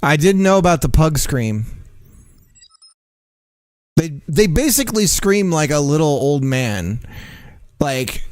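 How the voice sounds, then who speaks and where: A man's voice: a little high, sing-song, slow, pauses often, no room sound, studio quality. A man streaming from home who chats casually with his viewers in an easygoing, rambling way, full of ums and restarts.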